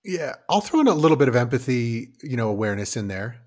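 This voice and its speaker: A man's voice: mid-range voice, quick pace. A man co-hosting a casual parenting podcast, talking loosely and swearing, often acting out what a parent and a kid would say. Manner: animated, swearing, acts out parent and kid lines. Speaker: podcast co-host.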